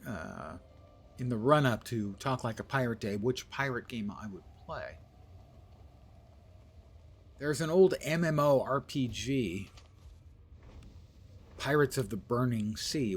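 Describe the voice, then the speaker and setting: A man's voice: mid-range voice, breathy edge. A tired, yawning man streaming a game, chatting casually with wry, rambling asides. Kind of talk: casual live-stream chat while gaming.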